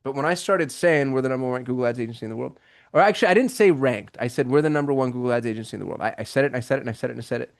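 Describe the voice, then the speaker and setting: A man hosting a live call-in business show, talking in an excitable, rambling way with many restarts over a video call. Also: medium pitch, racing, creaky. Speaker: host. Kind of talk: casual live show chat.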